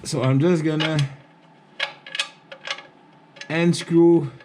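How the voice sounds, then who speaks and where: A man's voice: fairly high pitch, fairly even intonation, unhurried, noisy background. A man with a French accent explaining tractor upkeep in a chatty, rambling how-to vlog, joking at himself. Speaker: tractor owner showing maintenance.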